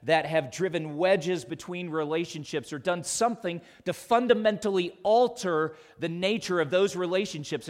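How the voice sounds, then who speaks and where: A male pastor preaching a sermon to his congregation, earnest, with loud emphatic peaks and soft quiet drops. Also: on the high side.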